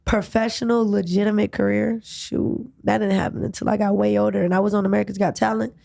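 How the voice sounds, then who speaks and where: A young woman telling stories in a relaxed interview, slangy and animated, often asking "you know what I'm saying". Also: mid-range voice, fast, gravelly. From United States. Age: young adult. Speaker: guest, college athlete and rapper. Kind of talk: casual interview chat.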